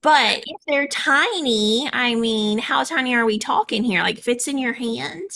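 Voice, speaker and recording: A woman's voice: a little high, lively intonation, unhurried, creaky, sharp tone. A woman in her thirties with a Southern country accent, chatting playfully and laughing often as co-host. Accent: American Southern country. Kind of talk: casual chat.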